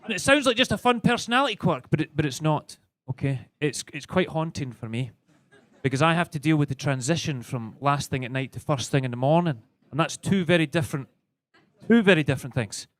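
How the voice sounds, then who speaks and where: A young Scottish man works a comedy club stage, rambling through his set with stammered restarts. His voice sits a little high, and the sound is dry and close. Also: lively intonation, a little fast, no echo. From Scotland. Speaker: stand-up comedian. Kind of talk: stand-up set.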